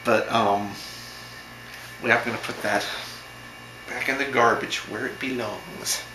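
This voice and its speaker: A man's voice: mid-range voice, fairly even intonation, a little slow, reverberant, music in the background. A man vlogger telling a story in a casual, rambling way, repeating himself, restarting sentences and sounding amused.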